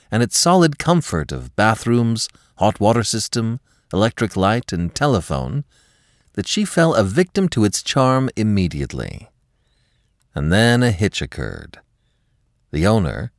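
A man hosting a podcast, narrating a classic story in an expressive, dramatic storytelling manner. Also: on the low side, no echo, clean studio sound. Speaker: podcast host and reader.

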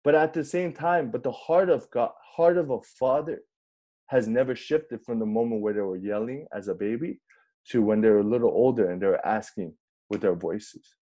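A young adult man preaching a casual, conversational sermon as a pastor, telling stories in a chatty, animated way and often asking "right?" and "you know?". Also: medium pitch, normal speed.

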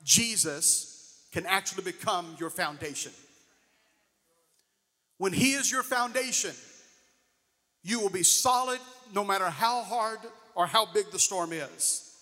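Male preacher, high bright voice, long hall reverb, questioning congregation. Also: animated, measured pace, pauses often. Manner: preaching, rising and falling emphasis, asks the congregation questions. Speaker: pastor. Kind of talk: sermon.

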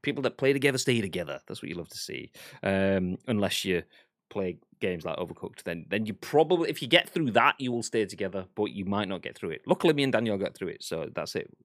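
A man's voice: fairly low pitch, expressive, fast, no echo, clean studio sound. A young man co-hosting a casual gaming podcast, joking, laughing often and swearing casually. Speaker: podcast co-host. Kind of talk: casual chat.

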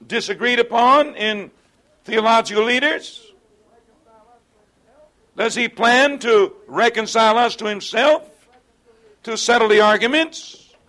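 A man's voice: high-pitched, pushed and bright. A man teaching a Bible study in an earnest lecturing way, often asking rhetorical tag questions of his listeners.

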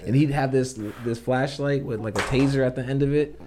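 Young male co-host, rambling, slangy, mid-pitched everyday voice. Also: fairly even intonation, fairly quick, noisy background. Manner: rambling, slangy, restarts often. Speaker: podcast co-host. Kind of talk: casual chat.

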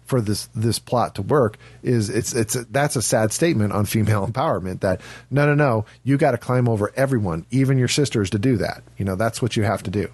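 A man's voice: lowish voice, brisk, few pauses, a little mellow, slightly rough, dry recording. A man on a film podcast giving strong opinions, emphatic and stumbling over his words as he builds a point. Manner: opinionated, emphatic, repeats words when starting. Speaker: podcast co-host. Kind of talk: casual film discussion.

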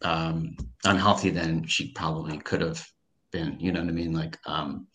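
A man with a very low, forceful voice talks as an interview guest, musing at length. He rambles thoughtfully and leans on fillers. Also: steady tone, normal speed. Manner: rambling, reflective, many fillers. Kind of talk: casual interview chat.

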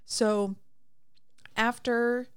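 A woman's voice: a little high, fairly even intonation, drawn-out words, clear, resonant tone. A woman co-hosting a casual chat, gushing with enthusiasm as she retells movie scenes. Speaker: podcast co-host.

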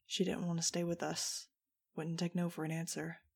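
A woman's voice: lowish voice, completely flat delivery, normal speed, vocal fry, breathy edge. Woman voicing a dry, shrugging teenage boy.

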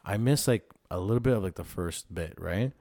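A man in casual chat who tells animated stories and swears often. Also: deep voice, a little fast, dry recording, studio quality.

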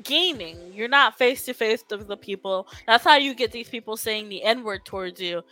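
A woman co-hosts a casual podcast chat, blunt and quick to laugh. Her voice is bright and fairly high. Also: faint music behind, rough recording. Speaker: podcast co-host.

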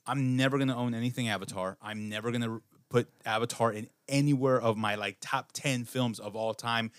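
Animated, profane man trashing a film. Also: medium pitch, clean tone, no echo. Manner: animated, profane, halting restarts. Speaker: podcast co-host. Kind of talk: casual film-review banter.

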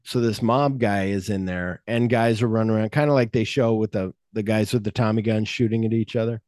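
A man's voice: lowish voice, brisk, no echo. Rambling male podcast host, dry sound. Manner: rambling, animated plot retelling with acted-out quotes. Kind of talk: casual podcast chat.

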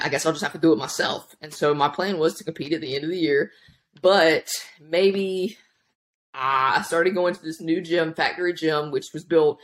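A woman in her thirties chatting as a podcast guest, telling her story in an animated, rambling way. She restarts her sentences often and acts out what other people said along the way. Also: low voice. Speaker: podcast guest, powerlifting coach. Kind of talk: casual interview storytelling.

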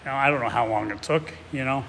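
A man's voice: medium pitch, fast, gravelly, sharp tone. Man preaching in a reverberant hall. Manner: conversational and reflective, with hesitant restarts. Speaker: pastor. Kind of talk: expository sermon with a read-aloud excerpt. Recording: distant voice with hall reverb and faint noise.

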